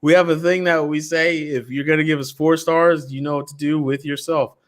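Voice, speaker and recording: A man co-hosting a podcast, reading promos in a loose, joking way and jumping between loud and soft. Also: on the high side, moderate pace. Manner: animated, jokey, swings loud and soft. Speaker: podcast co-host. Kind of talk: casual chat with show promos.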